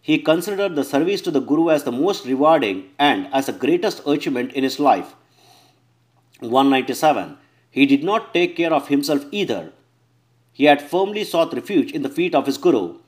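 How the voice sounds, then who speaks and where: Guy reading holy scripture out loud verse by verse, kinda high voice, steady and measured. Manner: measured, announces verse numbers, occasional self-corrections. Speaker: reader of a scripture translation.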